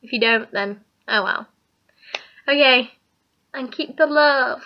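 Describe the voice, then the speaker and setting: A young woman vlogger chats casually to camera in a high-pitched voice at a slow pace, rambling and giggling as she goes. The recording sounds dull and lo-fi.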